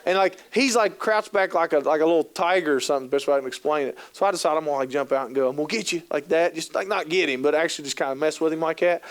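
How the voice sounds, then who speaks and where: A fairly high-voiced man in his thirties tells funny stories to a live audience, dropping into little acted-out voices now and then. His tone is smooth and clear, and his delivery stays loose and conversational, with plenty of fillers. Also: quick pace, hardly any pauses. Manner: jokey, acts out quoted voices, lots of fillers. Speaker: keynote speaker on youth work. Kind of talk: humorous storytelling talk to an audience. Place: conference hall.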